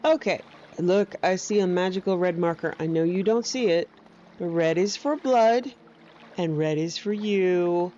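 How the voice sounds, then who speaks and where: A woman's voice: lowish voice, unhurried, dark tone, muffled recording, slight background noise. A woman giving playful, casual gameplay commentary, cooing at her companion in baby talk and cracking jokes at her own expense. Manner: jokey, teasing, self-mocking asides. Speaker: gameplay streamer.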